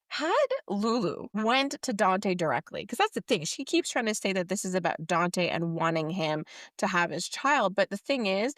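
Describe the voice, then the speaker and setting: Animated woman podcaster, dry sound. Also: no echo. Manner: animated, acts out quotes with big pitch jumps, laughs often. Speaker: podcast co-host. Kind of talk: casual recap chat.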